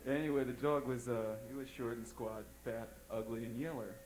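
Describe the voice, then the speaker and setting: A man's voice: mid-range voice, fairly even intonation, moderate pace, a little mellow, rough recording. A man on a concert stage telling a rambling joke, stalling with fillers and losing his thread, into a stage microphone. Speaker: comedian.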